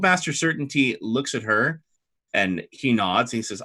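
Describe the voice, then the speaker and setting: A man running a tabletop game as its game master, bright in tone. He narrates with lively, quick asides. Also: mid-range voice.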